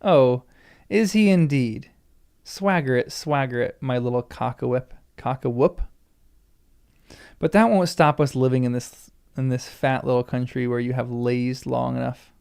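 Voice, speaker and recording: Sneering thug in a read-aloud book, low and gravelly, man doing the voice. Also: a little slow, a little mellow. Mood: mocking. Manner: sneering, threatening. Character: menacing mocking ruffian man, squint-eyed bully. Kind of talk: reading a novel aloud.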